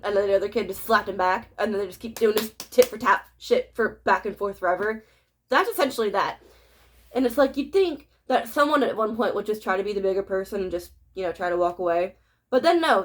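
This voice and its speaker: A woman telling a childhood story at home in a rambling, profane, casual way, laughing as she goes. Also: mid-range voice. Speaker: storytime vlogger. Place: home room with a cat nearby.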